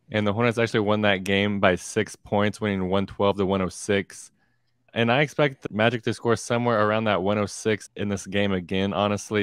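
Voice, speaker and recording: A man's voice: sits low, smooth, no room sound, studio quality. A man giving sports betting picks in a laid-back, chatty way, with occasional restarts. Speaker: sports betting show regular. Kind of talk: casual sports betting analysis.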